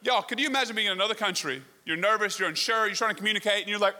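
Pastor, male, high and forceful voice, animated storyteller, large echoing hall. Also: rapid-fire, few pauses. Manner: animated storytelling with rhetorical questions. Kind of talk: sermon. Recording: long reverb of a large hall.

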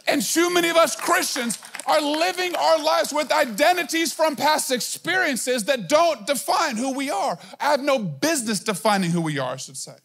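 A man in his thirties preaches with a strikingly high voice. He talks to the congregation in a casual, conversational way, scattering fillers, then leans hard into emphatic points. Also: expressive, normal speed, vocal fry, few pauses, fairly bright tone. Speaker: pastor. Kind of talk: sermon.

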